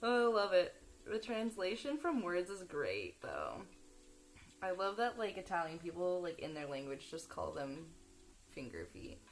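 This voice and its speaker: A woman's voice: on the low side, measured pace, poor audio. A young woman streamer chatting casually, telling a story with lots of laughter. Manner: giggly, animated storytelling. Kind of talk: casual chat.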